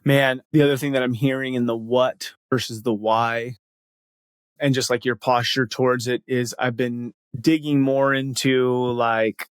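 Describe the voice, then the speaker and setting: A man's voice: medium pitch, flat delivery, measured pace, clean tone, no room sound. A man hosts a podcast in loose, casual talk full of slang, upbeat and encouraging toward his guest. His voice sits mid-range. The sound is dry and close to the mic. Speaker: podcast host. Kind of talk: casual conversation.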